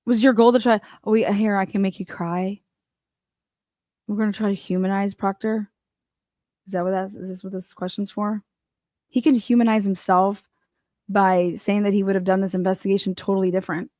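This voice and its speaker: A woman's voice: mid-range voice, fairly even intonation, brisk, warm tone, no echo, clean studio sound. A woman hosting a casual commentary show, reacting to news clips in a blunt, profane and mocking way. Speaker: host.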